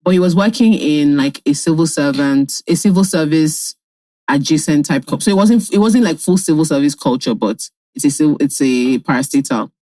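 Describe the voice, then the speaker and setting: A woman's voice: low-pitched, normal speed, no echo. A Nigerian woman with a Nigerian accent, a podcast co-host reading listener letters and telling stories. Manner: lively storyteller.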